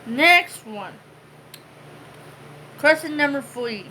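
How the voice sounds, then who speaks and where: A woman's voice: high-pitched, expressive, very slow, sharp tone, slight background noise, low-quality recording. A woman co-hosting a home vlog, chatting casually and rambling with many fillers. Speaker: vlog co-host. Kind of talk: casual chat.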